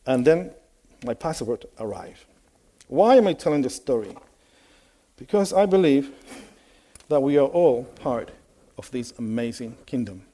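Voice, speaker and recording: Chatty preacher man, mellow voice. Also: mid-range voice, lively intonation, measured pace, pauses often. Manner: conversational storytelling, many fillers, asks the audience questions. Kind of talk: sermon.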